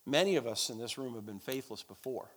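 A man's voice: medium pitch, animated, fairly quick, a bit bright, slight background noise. A man preaching a sermon and leading prayer in a church, emphatic and repetitive, calling out to the congregation. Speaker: pastor. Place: church service. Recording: long church hall reverb.

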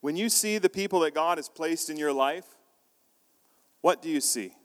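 A male pastor delivers a sermon in a loose, conversational storytelling style, often restarting his phrases. His voice sits a little high for a man. The sound carries the long reverb of a large hall. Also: moderate pace, fairly bright tone.

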